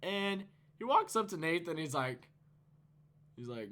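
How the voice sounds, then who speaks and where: A man's voice: a little high, takes it slowly, pauses often, a bit bright. A teenage man telling a storytime vlog, casual and profane, rambling and laughing. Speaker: YouTuber.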